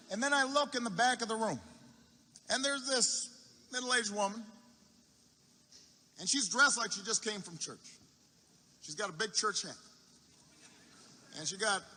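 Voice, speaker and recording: Man, rally speaker, high bright tone, storytelling with deliberate repetition, long arena reverb. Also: a little hiss or hum. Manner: unhurried anecdote with repetition for effect and halting restarts. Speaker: political speaker at a campaign rally. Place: large university arena.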